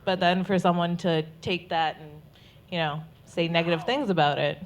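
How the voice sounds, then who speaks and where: A woman on a convention panel, speaking earnestly and a little haltingly. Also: on the low side, fairly even intonation. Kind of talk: casual panel talk.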